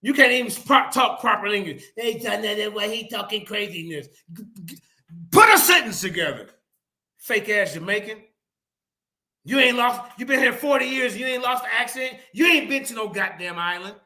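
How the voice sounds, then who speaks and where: A high-pitched man with a sharp tone argues at a moderate pace on an online debate panel. He confronts a rival angrily and with profanity, repeating his emphatic call-outs in the heated exchange.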